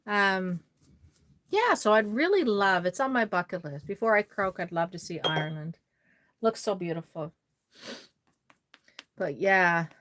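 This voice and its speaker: A woman's voice: mid-range voice, expressive, a little slow, long pauses, fairly bright tone, slight background noise. Chatty woman on a live stream. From Nova Scotia, Canada. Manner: rambling, chatty, reads viewer comments aloud. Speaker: doll maker live-streaming. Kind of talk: casual live-stream chat.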